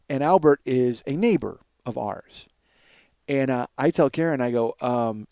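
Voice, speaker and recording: A man hosting a podcast, telling a long rambling story on his own, full of swearing, trailing off into mumbles and then rising to excited shouting. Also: a little high, moderate pace, dry recording. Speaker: podcast host. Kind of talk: solo storytelling monologue.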